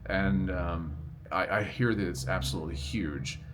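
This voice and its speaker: A man's voice: low-pitched, a little slow, music in the background. A middle-aged man vlogging outdoors near a road, telling stories to the camera in a chatty, rambling, good-humored way. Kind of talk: casual storytelling to camera. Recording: faint traffic noise outdoors. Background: faint traffic noise.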